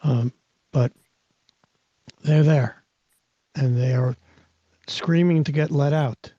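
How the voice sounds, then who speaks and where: A man with a somewhat high, mellow voice talks as a host, teaching and coaching with emphasis. He keeps restarting and repeating words. The sound is dry and dull, like lo-fi online audio. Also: fairly even intonation, slow, no echo. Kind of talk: live audio-room talk, teaching.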